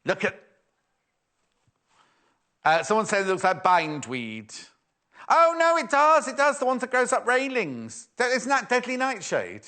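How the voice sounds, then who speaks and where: A man's voice: very high-pitched, huge pitch swings, measured pace, pauses often, sharp tone. A man presenting a live sewing shopping show, chatty and playful as he reads out viewer messages. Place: TV studio.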